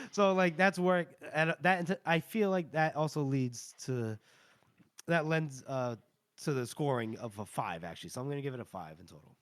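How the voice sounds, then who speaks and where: A man's voice: fairly high pitch, normal speed, dry recording. Rambling, upbeat male podcast host. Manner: rambling, animated, many fillers and restarts. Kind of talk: casual chat.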